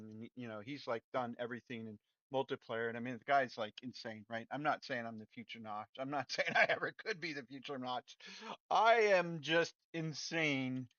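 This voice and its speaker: A man streaming his programming work, talking casually and rambling, often cutting himself off and getting loud and worked up when he rants. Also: mid-range voice, no room sound, muffled recording. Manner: rambling and self-interrupting, turns loud and excited when ranting. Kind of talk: casual livestream chat while coding.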